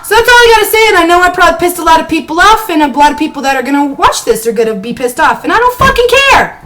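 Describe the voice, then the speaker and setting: A woman with a high voice rants bluntly during a live stream from her bedroom. Her speech is heated and full of swearing, and it is unscripted. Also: very fast, fairly bright tone, low-quality recording.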